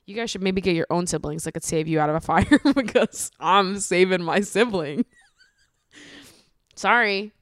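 A woman hosting a solo podcast, chatting casually with lots of swearing, laughter and animated ranting. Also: fairly low pitch, unhurried, dry recording. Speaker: podcast host.

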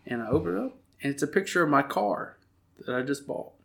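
A man, co-hosting a podcast and telling a story in an animated, laughing way. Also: mid-range voice, quick pace, vocal fry. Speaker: podcast co-host. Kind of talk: casual storytelling chat.

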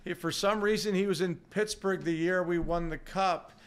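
Former player, male, halting storyteller, smooth and somewhat high. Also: steady tone. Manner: halting, many "you know" fillers. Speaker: podcast guest, former hockey player. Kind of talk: casual anecdote.

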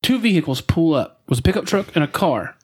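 A man's voice: a little high, big pitch swings, quick pace, slightly rough. A man co-hosting a podcast, telling a rambling story in casual banter and laughing often. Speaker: podcast co-host.

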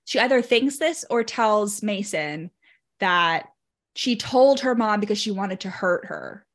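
A woman's voice: mid-range voice, animated, unhurried. A woman co-hosting a casual book podcast, talking animatedly and acting out characters' thoughts in quotes. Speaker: podcast co-host.

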